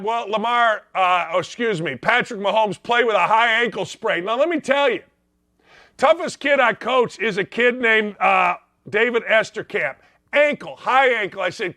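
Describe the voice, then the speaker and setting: Man, high voice, bright, loud blunt sports rant, sarcastic, middle-aged. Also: animated, moderate pace, no room sound. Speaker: sports show host. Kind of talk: ranting sports commentary.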